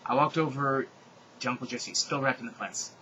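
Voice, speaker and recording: A young man doing a comedic dramatic reading of a fan story, with animated delivery, shouted dialogue and mocking asides. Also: medium pitch, normal speed, a little hiss or hum, low-quality recording.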